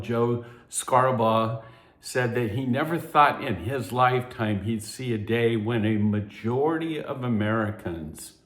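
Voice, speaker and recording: A man hosting a news commentary, measured and emphatic, dropping low and soft on key phrases. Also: reverberant. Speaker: host of a news commentary update. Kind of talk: news commentary with scripture references.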